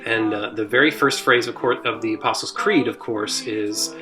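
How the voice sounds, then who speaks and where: A man who leads a church's music ministry, explaining hymn history in a casual, halting way full of "uh" and restarts. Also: on the low side, steady tone. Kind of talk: informal hymn history talk.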